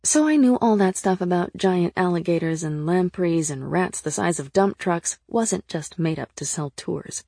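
A woman narrating a first-person audiobook in an earnest, lively storytelling manner. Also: on the low side, moderate pace, vocal fry, hardly any pauses, no room sound, clean studio sound.

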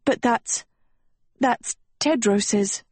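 A woman's voice: on the high side, extremely slow, darkish tone, breathy edge, dry recording, voice pushed up, full character voice. A woman voicing an earnest teenage heroine in an audiobook, pleading and urgent. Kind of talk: audiobook character reading.

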